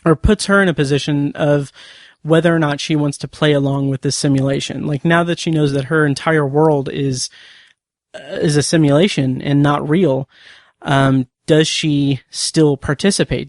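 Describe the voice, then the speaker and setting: A man's voice: fairly high pitch, darkish tone, no room sound, clean studio sound. A man hosting a podcast, casually recapping and reviewing a TV episode in a rambling way, with many fillers and restarts.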